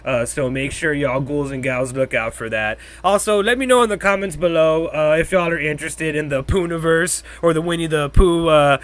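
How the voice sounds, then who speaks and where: A man hosting his own podcast, talking casually and rambling in a loose, profane, excitable way. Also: on the high side, normal speed, few pauses. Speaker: podcast host. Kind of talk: casual solo commentary.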